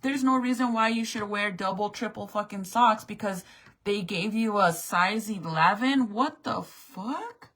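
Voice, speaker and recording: A woman's voice: mid-range voice, moderate pace, a bit bright, low-quality recording. A middle-aged woman venting to her viewers in a profane, exasperated rant. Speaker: vlogger. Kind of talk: angry rant to camera.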